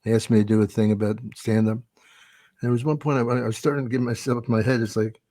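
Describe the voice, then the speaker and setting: A man's voice: medium pitch, fairly even intonation, fast, warm tone, no echo. An older man, a veteran comedian, telling rambling show-business stories in a casual podcast chat, swearing freely and acting out quotes. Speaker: veteran stand-up comedian, guest of honor.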